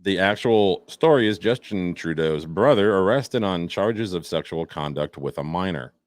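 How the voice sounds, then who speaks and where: A man co-hosting a casual podcast, joking around and reading news stories aloud with halting, stumbling delivery. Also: sits low, lively intonation, dry recording, studio quality. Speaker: podcast co-host.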